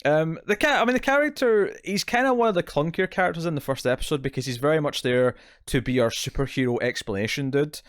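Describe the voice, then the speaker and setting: Podcast co-host, male, lively and chatty, dry close-miked sound. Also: fairly high pitch, fast, hardly any pauses, smooth, dry recording. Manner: animated, laughs often, acts out characters' lines. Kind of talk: casual review chat.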